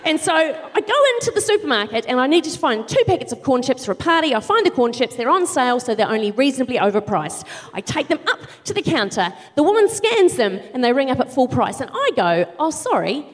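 A middle-aged New woman does stand-up on a theatre stage, her high voice swooping all over the place as she rants in exasperation and bursts into shouts. The sound carries a long hall reverb from the big room. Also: sing-song, quick pace, few pauses. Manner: exasperated ranting with sudden shouted outbursts. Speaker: co-host doing stand-up. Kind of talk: live stand-up comedy.

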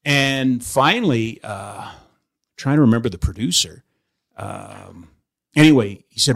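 A middle-aged man hosting a podcast in a studio, telling animated stories and laughing often. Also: mid-range voice, normal speed, gravelly. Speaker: podcast host. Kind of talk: casual studio chat.

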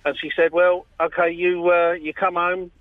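A man's voice: high-pitched, flat delivery, moderate pace, dry recording. A man with a London accent, calling in to a radio show, chatting in a chirpy, friendly way and often repeating himself. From London, England. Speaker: caller. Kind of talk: phone-in radio chat. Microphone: phone. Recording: tinny phone line.

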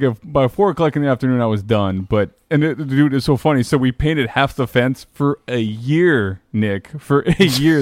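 A man's voice: mid-range voice, moderate pace, hardly any pauses, dry recording. A man, telling a rambling, profane story in casual chat. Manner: rambling storyteller, swears freely.

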